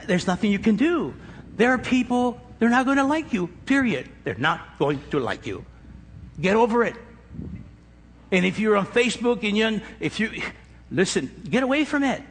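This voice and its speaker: A man's voice: sits high, lively intonation, moderate pace, long pauses, a little hiss or hum. A middle-aged man with an East Los Angeles accent preaching a sermon, emphatic and joking as he counts through a numbered list. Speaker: pastor. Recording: echoey hall with long reverb.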